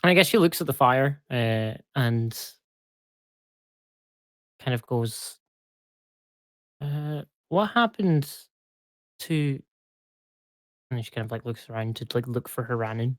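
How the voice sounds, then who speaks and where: An overtired player describes what their character does in a tabletop game, chatty and prone to small laughs. The voice sits at middle pitch and sounds close and dry, with no room echo. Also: steady tone, normal speed, long pauses. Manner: chatty, laughs between lines.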